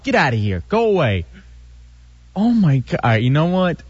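A man's voice: on the high side, big pitch swings, moderate pace, slightly rough, no echo. A man hosting a rowdy radio talk show, joking and teasing his co-host and staff. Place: radio studio. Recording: dull lo-fi radio broadcast.

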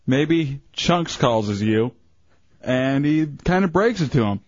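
A man's voice: mid-range voice, expressive, slow, no room sound. A man co-hosting a call-in radio show, joking and blunt. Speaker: radio co-host. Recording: dull lo-fi radio broadcast.

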